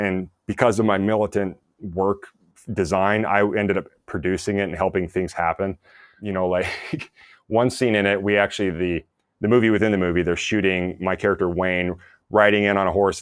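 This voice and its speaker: Guest man, lowish voice, dry close sound; lively storyteller with frequent laughs and restarts. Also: no room sound. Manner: animated storyteller, laughs often, many restarts. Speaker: actor and former soldier, podcast guest. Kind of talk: casual storytelling interview.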